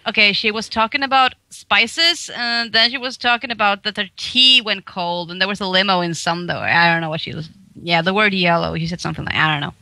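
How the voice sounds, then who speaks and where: Bright-voiced Swedish woman, giggly. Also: mid-range voice, fairly quick, few pauses, dry recording. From Sweden. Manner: giggly, chatty, with frequent laughs and restarts. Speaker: voice actress and comedian guest. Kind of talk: casual interview chat.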